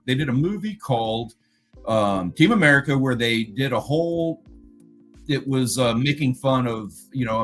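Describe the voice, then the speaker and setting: A man's voice: medium pitch, fairly bright tone, breathy edge, low-quality recording. A man casually recapping a talk to his viewers, rambling and often stopping to search for the right word. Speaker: video creator recapping a conference.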